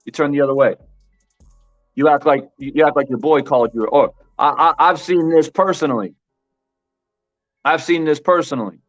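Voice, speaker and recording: A man's voice: on the high side, normal speed, long pauses. A man hosting a live-stream boxing commentary show, talking emphatically to his chat, repeating his points and saying "bro" a lot. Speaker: boxing commentary channel host. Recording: dull lo-fi with faint music.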